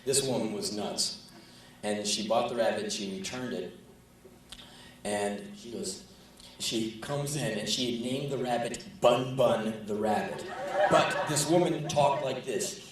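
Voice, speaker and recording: A man's voice: mid-range voice, a little slow. A man performing a profane, sardonic spoken word story on stage. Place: large live venue. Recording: echoey live hall, distant, audience laughing.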